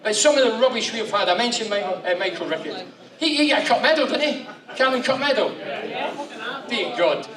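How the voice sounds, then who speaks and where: High-voiced man telling stories. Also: fairly quick. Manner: animated, swearing storyteller. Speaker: guest speaker. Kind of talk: after-dinner anecdotes. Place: function room with audience. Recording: echoey hall, far mic, crowd.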